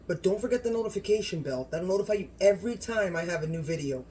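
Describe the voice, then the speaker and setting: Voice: medium pitch, expressive, fast talker, mellow, slight background noise. A home cooking channel host talking to the camera in a casual vlog, gushing and exclaiming often about the food.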